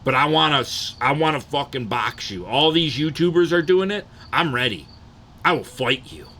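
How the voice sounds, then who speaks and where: A man's voice: on the high side, lively intonation, moderate pace, pushed and bright. A young man chatting casually on a live stream, rambling and swearing freely as he tells stories. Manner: profane, rambling storytelling.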